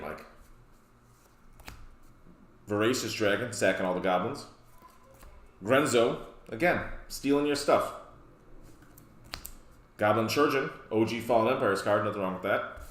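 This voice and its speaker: A man's voice: mid-range voice, a bit bright. A man hosting a casual card game deck walkthrough, rambling with joking asides. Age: adult, past his youth. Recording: roomy echo.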